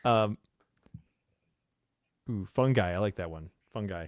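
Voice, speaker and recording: A man's voice: lowish voice, slow pace, dry recording. A man co-hosting a casual podcast livestream, hesitating with lots of ums and laughing often. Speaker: podcast co-host. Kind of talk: casual livestream chat, word game.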